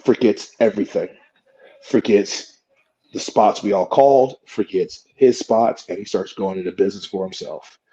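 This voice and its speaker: A man's voice: lowish voice, moderate pace, husky, lo-fi sound. A man, a wrestler guest on a podcast, telling a story with lots of profanity and acting out the quotes. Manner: profane, animated, acts out quotes. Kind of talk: animated storytelling.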